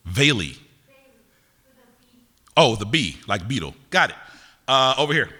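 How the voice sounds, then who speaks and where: An older man, a poet performing live, speaks in a mid-range, sing-song voice that sounds pushed and bright. Between pieces he banters playfully with the audience, teasing them with quick wit and asking their names. The recording comes from a university concert venue with listeners present and has the long reverb of a live hall.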